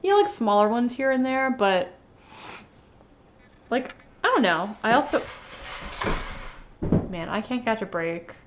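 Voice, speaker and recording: A woman's voice: fairly high pitch, animated, unhurried, pauses often, highs cut off, a little hiss or hum. Rambling woman with a slight lisp. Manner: rambling, many fillers and restarts, gushing. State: sniffly after sneezing. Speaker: cross-stitch vlogger. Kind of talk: casual show-and-tell chat.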